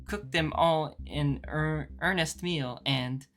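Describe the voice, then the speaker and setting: Slow, bright-toned stream narrator. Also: mid-range voice, soft background music. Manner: slow, careful reading with small slips. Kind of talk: narrating a visual novel on stream.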